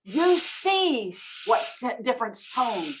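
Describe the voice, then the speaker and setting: Lively storytelling woman, animated pitch. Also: slow, background noise. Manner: lively storyteller, acts out examples with emphasis. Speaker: podcast guest, trainer. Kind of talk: casual interview chat.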